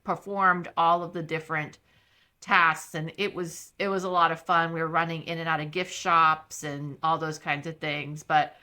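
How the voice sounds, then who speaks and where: A woman's voice: deep voice, level tone, normal speed, sharp tone. A middle-aged woman hosting a casual interview, upbeat and chatty, laughing easily. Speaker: host.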